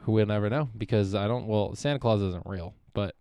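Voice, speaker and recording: Young male podcast host, solo monologue: smooth, clean voice, dry close mic, meandering and profane. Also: lowish voice, fairly quick, mellow, no echo. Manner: profane, meandering, self-interrupting.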